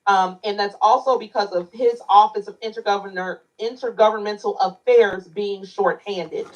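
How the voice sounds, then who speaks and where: A woman talking through local political news, going over taxes and fees and slipping in pointed remarks. She sounds some way off the mic, as if played back into a stream. Her pitch is average for a woman. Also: steady tone, moderate pace. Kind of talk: news commentary. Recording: distant from the mic.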